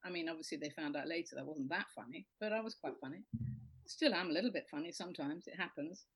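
A woman's voice: deep voice, quick pace, slightly rough, low-quality recording. An English woman, a comedian guest, telling stories on a radio chat show in a dry, self-mocking way.

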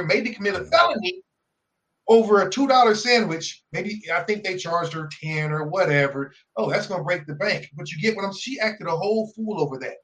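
A man co-hosts a casual podcast and tells a rambling story, full of swearing. He acts out each person in it. His voice sits a little higher than most men's. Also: low-quality recording. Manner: animated, profane, acts out the people in his story. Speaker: podcast co-host. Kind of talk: casual chat, storytelling rant.

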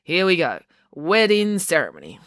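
A storybook narrator voicing a brisk, impatient countrywoman who talks in a matter-of-fact, sing-song way. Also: mid-range voice, wildly swooping pitch, fairly bright tone, no room sound, clean studio sound. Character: brisk older countrywoman cat lady, impatient.

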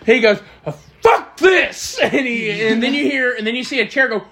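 A man's voice: very high voice, steady tone, fast talker, background noise. A young man co-hosting a podcast, retelling school memories in casual chat with lots of laughter and swearing. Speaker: podcast co-host.

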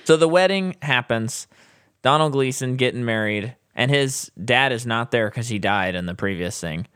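A man's voice: medium pitch, expressive, moderate pace, fairly bright tone, clean tone, no room sound, clean studio sound. Joking man podcast co-host. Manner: joking, playful interjections. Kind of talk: casual movie discussion.

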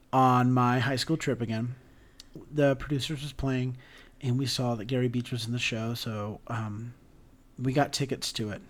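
A young man hosting a podcast, telling stories in an animated, chatty way with many ums. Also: medium pitch. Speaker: podcast host. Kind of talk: casual storytelling chat.

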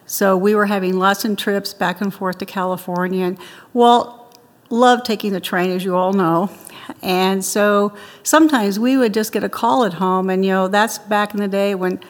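A woman's voice: mid-range voice, steady tone, normal speed. Older woman telling stories in a hall. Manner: chatty, laughs often, warm storytelling. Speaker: interviewee. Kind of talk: interview storytelling.

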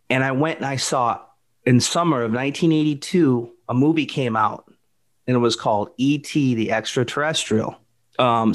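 A man in his forties co-hosting a casual chat, telling stories with lots of restarts and calling his friend dude and bro. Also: medium pitch. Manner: rambling, animated storytelling with frequent restarts, calls people dude and bro. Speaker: podcast co-host.

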